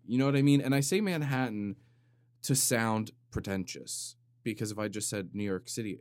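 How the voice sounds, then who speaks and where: A man hosting a comedic solo podcast, rambling in a deadpan way with sudden loud bursts and some vocal fry. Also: medium pitch, moderate pace, no echo. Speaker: podcast host. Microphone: studio microphone.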